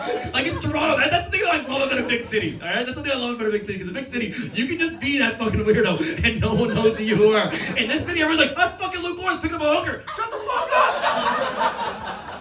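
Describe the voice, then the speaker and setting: Manic, shouting stand-up comic in an echoey room. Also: male voice, extremely high pitch, expressive, rapid-fire, far from the mic. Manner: manic, swearing, shouting punchlines. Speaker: stand-up comedian. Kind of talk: raucous stand-up set. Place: live comedy venue with audience. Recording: echoey venue, mic heard from afar, crowd laughter.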